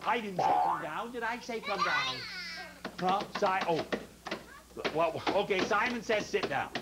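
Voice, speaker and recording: Heard first through the hiss of an old, noisy broadcast recording, a man with a high voice hosts a children's TV show. He leads a studio full of kids through games and keeps up a stream of teasing jokes and quick asides. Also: animated. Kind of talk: playful banter leading kids in games.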